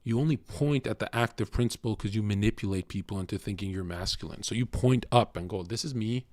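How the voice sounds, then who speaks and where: Low-voiced guy ranting at his stream chat, swears a lot, dry sound. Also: fast talker, darkish tone, no room sound. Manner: blunt, profane, confrontational. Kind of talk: casual rant to a live chat.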